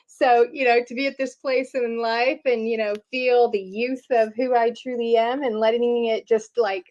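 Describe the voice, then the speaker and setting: A woman in her fifties hosting a casual spiritual talk show, playful and animated, with many "you know"s. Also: on the high side, normal speed. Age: 50s. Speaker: host. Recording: dull lo-fi audio.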